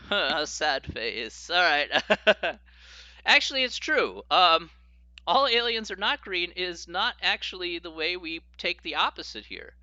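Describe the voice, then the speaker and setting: A man's voice: fairly high pitch, bright, forceful tone, dry recording, lo-fi sound. A man teaching a live-streamed logic lesson, often laughing as he explains and reacts to viewer chat. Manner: giggly, keeps breaking into laughter while explaining.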